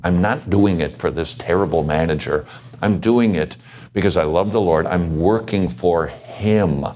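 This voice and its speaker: A man's voice: low-pitched, a little slow, a little mellow. A man speaking earnestly on a Christian panel, exhorting listeners to live for the Lord.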